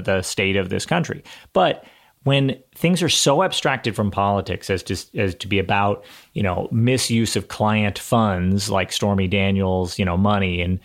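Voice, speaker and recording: A young adult man co-hosting a political talk show, dry and agreeable as he thinks aloud. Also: lowish voice. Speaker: co-host. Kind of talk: casual political commentary.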